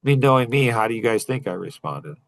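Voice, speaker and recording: A middle-aged man leading a coaching group, telling a personal story in a casual, animated way with frequent laughter. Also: medium pitch, fast, vocal fry.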